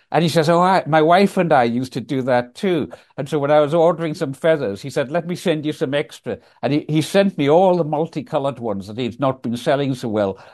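A man's voice: medium pitch, a little mellow. An older man, telling stories as an interview guest over a video call from his office, thoughtful and full of ums and restarts. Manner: reflective, frequent ums and restarts. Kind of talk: storytelling in a conversational interview.

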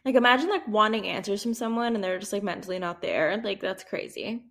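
A woman hosting a podcast from home, chatting casually about gossip and jumping quickly between topics. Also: medium pitch, fairly bright tone. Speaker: podcast host.

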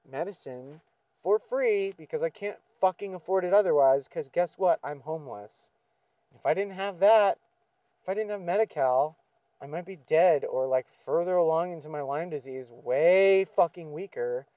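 A man's voice: on the high side, mellow, dry recording, dull audio. A man venting in a profane, sardonic monologue, with frequent swearing and sighs. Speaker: vlogger.

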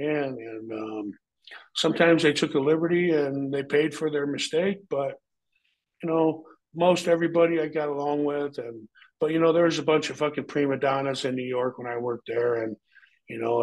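A man's voice: medium pitch, low-quality recording. A man in his fifties, a retired pro wrestler, telling blunt, profanity-laced stories in a candid interview. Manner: profane, blunt, animated when quoting others.

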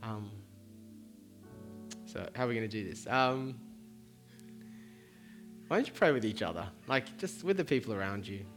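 A man's voice: lowish voice, sing-song, normal speed, pauses often, faint music behind. A man who is a pastor, leading an earnest altar-call prayer at a church service and often repeating words as he speaks.

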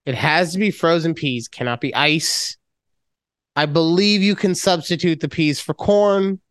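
A man's voice: fairly high pitch, measured pace, fairly bright tone, no echo, studio quality. Profane, storytelling podcast man. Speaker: podcast co-host. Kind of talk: casual chat.

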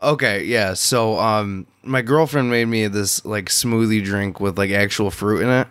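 A man's voice: on the low side, a little slow, a bit bright, clean tone, no room sound. Exasperated man trying to get a word in. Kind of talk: casual podcast chat.

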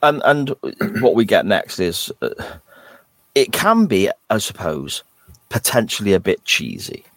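A man co-hosting a podcast, talking casually and thoughtfully about an episode, often pausing mid-phrase. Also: lowish voice, very animated, a bit bright, dry recording. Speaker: podcast co-host. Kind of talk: casual chat reviewing an episode.

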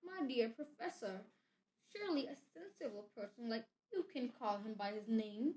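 Dumbledore, a calm old wizard, read by a woman. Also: fairly high pitch, normal speed, lightly acted. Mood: gentle. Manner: mild and soft-spoken. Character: gentle, calm elderly male wizard headmaster. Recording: echoey room.

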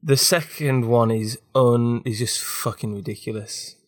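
A man's voice: medium pitch, unhurried, no room sound, clean studio sound. Sardonic young man hosting. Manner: sardonic, sweary, skeptical. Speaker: podcast host. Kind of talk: casual chat.

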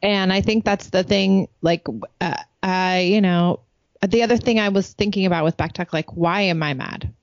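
Woman, 30s-40s, podcast co-host, animated storytelling, muffled dull mic. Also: medium pitch, moderate pace, no room sound. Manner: animated storyteller, laughs often. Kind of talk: casual podcast chat.

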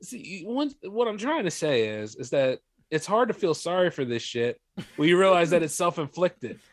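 High-voiced man in casual podcast chat. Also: big pitch swings, no room sound, studio quality. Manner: profane, halting, repeats words while building a point. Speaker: podcast co-host.

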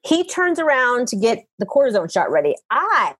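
Woman, husky tone, animated comic storyteller, podcast guest. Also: a little high, moderate pace. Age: adult with young children. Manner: animated, acts out people in her stories. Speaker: improv comedian guest. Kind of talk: casual comedic storytelling.

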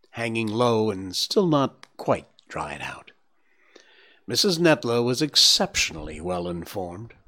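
A man hosting a live stream, reading a storybook aloud in a gentle, measured way. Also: medium pitch. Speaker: livestream host reading a book aloud.

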